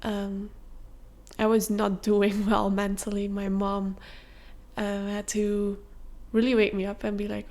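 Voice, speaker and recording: A young woman hosting a podcast, telling a personal story in a candid, confessional way with soft fillers. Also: mid-range voice, monotone, takes it slowly. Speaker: podcast host.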